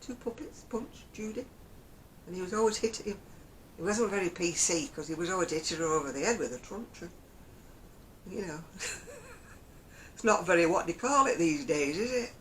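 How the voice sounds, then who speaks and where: A chatty woman with a Northern English Lancashire accent rambles along in a casual vlog to camera. Her pitch rises and falls a great deal, and she often breaks into small chuckles. A faint low rumble sits in the background. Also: expressive, normal speed, pauses often, a bit bright, rough recording. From Oldham, England. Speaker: crochet vlogger.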